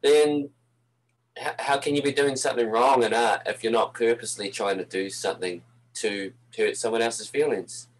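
Easygoing New Zealand man, halting speech. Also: medium pitch, steady tone, poor audio. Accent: New Zealand, softened by years in Canada. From Napier, New Zealand. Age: older. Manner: hesitant, many ums and uhs, easygoing. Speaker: band musician, guest. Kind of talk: casual interview.

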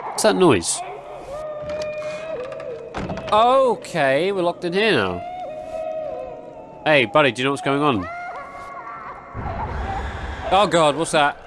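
A man's voice: on the high side, big pitch swings, slow pace, pauses often, background noise. A young man giving jumpy, exclaiming commentary while playing a horror game and talking to its characters. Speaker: gaming YouTuber.

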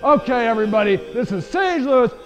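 A man's voice: extremely high pitch, expressive, fairly quick, soft background music. A man hosting a web marketing show, talking emphatically about good and bad websites. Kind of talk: energetic video commentary. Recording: dull, roomy lo-fi web video audio.

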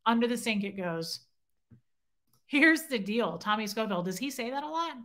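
A woman's voice: on the high side, lively intonation, normal speed, a bit bright. A woman hosting a casual livestream, chatting with viewers and reading their comments aloud, self-deprecating and teasing. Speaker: livestream host. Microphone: phone.

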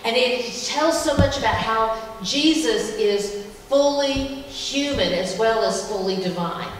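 A woman's voice: a little high, slow. A woman teaching a Bible passage during a church service, chatty and enthusiastic, with plenty of fillers. She is heard from a distance in a big echoing hall with a long reverb and faint room noise. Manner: conversational and enthusiastic, with many fillers. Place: church sanctuary. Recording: echoey hall from far off.

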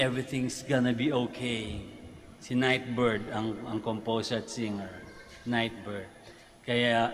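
Filipino priest preaching in a reverberant basilica. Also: male voice, medium pitch, a little hiss or hum. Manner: switches between Tagalog and English, repeats phrases for emphasis. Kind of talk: homily at Mass. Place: large basilica church. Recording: long church reverb, faint ambience.

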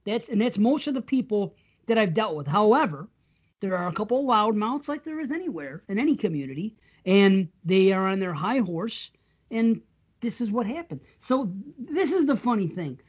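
A man's voice: high voice, very animated, normal speed, slightly rough, dull audio. A man co-hosting a podcast, telling stories in casual chat and laughing often. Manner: chatty storyteller, laughs often. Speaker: podcast co-host.

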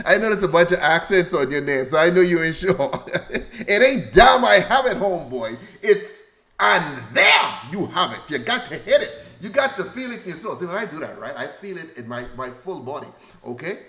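A man's voice: on the high side, very animated, moderate pace, sharp tone. A man from the Bahamas hosting a casual livestream, reading out viewer comments in a loose, joking, slangy way and laughing often. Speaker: livestream host.

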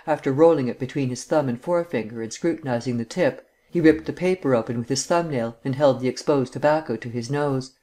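A man narrating a classic mystery novel audiobook in a steady, even reading manner. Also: mid-range voice, a little fast, hardly any pauses.

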